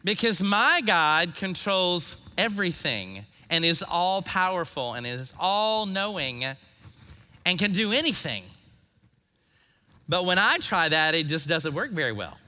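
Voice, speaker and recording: A man in his forties preaching a sermon, earnest and reflective, letting his phrase ends fall soft. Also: high-pitched, big pitch swings, unhurried. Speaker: pastor. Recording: long hall reverb.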